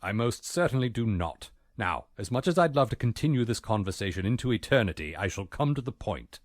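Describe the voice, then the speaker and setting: A man's voice: fairly low pitch, big pitch swings, a little fast, no room sound. An actor voicing a prim, formal male butler with dry, polite delivery. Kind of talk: video game voice acting.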